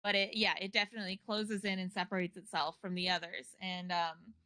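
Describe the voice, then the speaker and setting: A woman's voice: mid-range voice, little pitch movement, a little fast, pushed and bright, dry recording. A woman narrating as game master of a tabletop game, meandering with many fillers and restarts.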